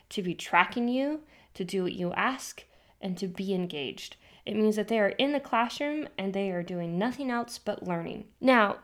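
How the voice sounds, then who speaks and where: Upbeat woman podcast host. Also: medium pitch. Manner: upbeat, chatty storyteller who laughs easily. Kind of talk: educational podcast monologue.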